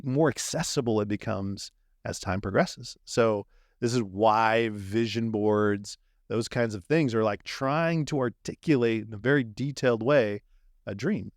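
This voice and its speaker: A man on a podcast as a guest, explaining his ideas in an animated way and acting out little quoted exchanges. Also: fairly low pitch, no echo, studio quality. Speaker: dream manager guest. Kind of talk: podcast conversation.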